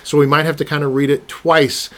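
Laughing, animated podcast host. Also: male voice, fairly high pitch, a little fast. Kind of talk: casual conversational podcast.

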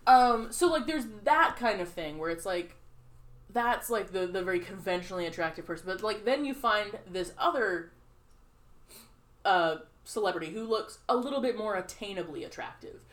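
A woman co-hosting a podcast, chatting casually with a middle-pitched voice. She rambles, fills gaps with "like" and "um," and acts out the voices of the people she quotes. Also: moderate pace. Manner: rambling, filler-heavy, animated quoting. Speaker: podcast co-host. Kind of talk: casual chat.

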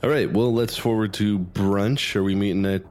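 Male game master, deep voice, relaxed improviser, light music bed. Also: moderate pace. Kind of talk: narrating a tabletop game.

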